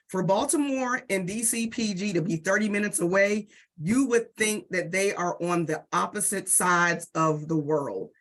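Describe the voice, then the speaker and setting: A middle-aged woman from the DC area, speaking on a panel and telling lively stories that act out the exchanges she describes. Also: medium pitch. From Southeast DC and Prince George's County, Maryland. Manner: animated storytelling, acts out quoted exchanges. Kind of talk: panel discussion.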